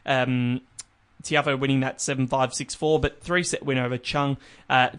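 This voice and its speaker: A man's voice: medium pitch, steady tone, moderate pace, fairly bright tone, smooth. Rambling man talking tennis. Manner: rambling, many restarts and "look" fillers. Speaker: podcast host. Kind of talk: casual sports chat.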